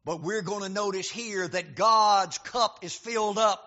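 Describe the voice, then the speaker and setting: A male preacher giving a sermon, reading scripture and building to emphatic, shouted points. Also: sits high, unhurried. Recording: dull lo-fi recording.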